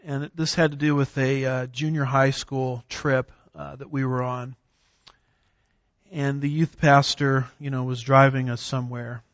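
A man teaching a theology class in a lecture style, reading scripture aloud slowly with emphasis and now and then clearing his throat. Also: mid-range voice, level tone, dry recording, muffled recording. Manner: clears throat, occasional fillers.

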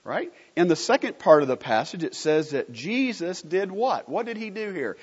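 Animated preacher in a reverberant hall. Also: male voice, high voice, moderate pace, hardly any pauses, breathy edge. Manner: asks the congregation questions and answers them himself; animated, emphatic teaching. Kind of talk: sermon. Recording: muffled recording with long hall reverb.

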